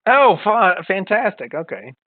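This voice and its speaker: A man narrating as game master of a tabletop superhero game, chatty and quick to apologize and laugh. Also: sits high, big pitch swings. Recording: phone-like online call.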